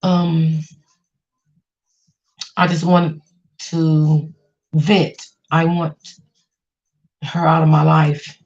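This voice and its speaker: A woman's voice: low-pitched, little pitch movement, extremely slow, long pauses, darkish tone, highs cut off. A woman hosting a casual livestream, venting about family and reassuring her chat viewers, often repeating herself. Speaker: livestream host.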